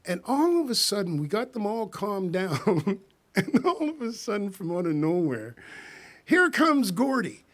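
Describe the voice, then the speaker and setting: Guy telling a road story live, laughs a lot, kinda high voice. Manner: rambling, laughs often, acts out quotes.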